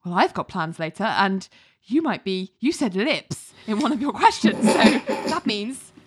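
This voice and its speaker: A woman's voice: medium pitch, moderate pace, noisy background. A British woman hosting a casual chat, recapping a TV episode with lots of laughter and acted-out character lines. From Britain. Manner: animated, laughs often, acts out characters' lines. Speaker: podcast host recapping a TV episode.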